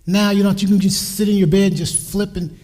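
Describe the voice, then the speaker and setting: A man's voice: high-pitched, level tone, fairly quick, a little mellow. A man in his sixties giving a church talk on parenting, telling family stories and acting out their lines. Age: 60s. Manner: anecdotal, quotes family in his own voice. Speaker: speaker at a church. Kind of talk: sermon on parenting. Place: church sanctuary. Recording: reverberant church hall.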